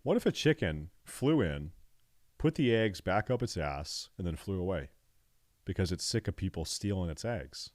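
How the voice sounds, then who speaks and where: Male streamer, lowish voice, dry close sound, swearing and joking. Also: expressive, moderate pace, no room sound. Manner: loud, profane, joking. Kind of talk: live stream reaction commentary.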